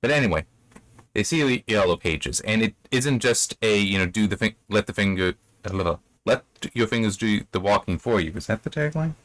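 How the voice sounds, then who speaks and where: A man's voice: on the low side, lively intonation, moderate pace, fairly bright tone, dry recording. Rambling man reviewing a book, dry sound. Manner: rambling, self-correcting, acts out quoted characters. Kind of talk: casual spoken book commentary.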